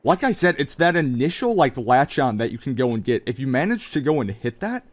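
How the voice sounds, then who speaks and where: Talking straight to his chat, a young man hypes up every moment of a mobile shooter with exclamation-heavy play-by-play. His medium-pitched voice has a sing-song lilt and a fairly quick pace, though the audio is poor.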